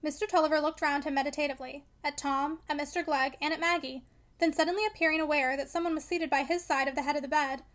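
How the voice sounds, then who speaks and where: High-voiced woman reading a classic novel. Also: fairly even intonation, quick pace, fairly bright tone. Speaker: audiobook reader. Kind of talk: scripted narration of a classic novel.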